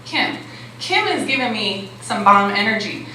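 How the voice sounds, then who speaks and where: A life coach and conference speaker gives a motivational talk to a live audience in a conference hall, her mid-range voice forceful and bright with lively intonation at a measured pace. She keeps it conversational and keeps checking in with the crowd. The hall is very echoey, with faint background noise.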